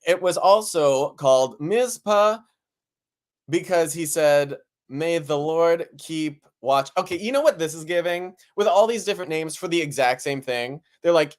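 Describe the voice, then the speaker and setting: Man co-host, slightly high voice, playful scripture reader who cracks jokes. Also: expressive, unhurried. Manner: playful, reads scripture then riffs with laughter. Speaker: podcast co-host. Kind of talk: comedic Bible reading and banter.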